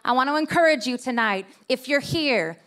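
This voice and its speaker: A woman's voice: sits high, animated, moderate pace, fairly bright tone. A woman preaching to her church, telling funny personal stories in a chatty, self-mocking way and acting out the voices in them. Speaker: pastor's wife preaching. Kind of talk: sermon with storytelling. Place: church service.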